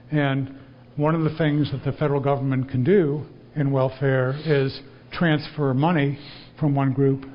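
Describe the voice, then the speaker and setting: A man hosting an interview, asking measured, appreciative questions. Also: medium pitch. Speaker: interviewer, host. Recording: dull lo-fi event recording.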